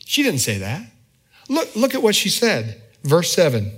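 A man preaching a sermon in a conversational way, often checking in with the congregation with quick asides. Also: fairly high pitch, huge pitch swings, fairly bright tone, husky. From United States. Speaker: pastor.

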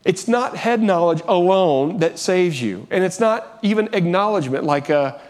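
A man's voice: high voice, expressive, moderate pace, a little mellow. A man preaching a sermon as pastor, earnest, often restarting and repeating phrases, rising when he urges.

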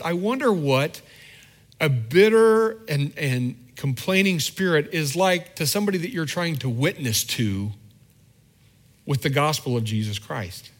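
A man's voice: a little high, fairly bright tone. A middle-aged man preaching a sermon as pastor, candid and self-deprecating, acting out little quoted scenes in a conversational way.

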